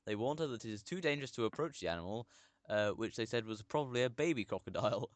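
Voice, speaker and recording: A man at a middling pitch co-hosts a casual podcast, reading out a news story and laughing through his own words. His voice sits in a dry, close recording with no room sound. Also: expressive, fast, no room sound. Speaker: podcast co-host.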